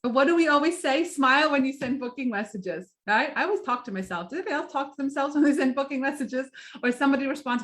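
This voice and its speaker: A woman's voice: high-pitched, expressive, fast talker, fairly bright tone. A middle-aged woman leading a live sales training chat, upbeat and chatty, who keeps asking "right?" and acts out little examples. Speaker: direct sales team leader.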